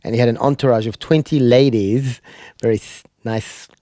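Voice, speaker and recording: A man's voice: steady tone, moderate pace, mellow, no room sound, studio quality. A man co-hosting a podcast, telling stories and trading crude jokes in casual chat. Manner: crude joking storyteller, drops into a low mumble recounting being stoned. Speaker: podcast co-host and comedian.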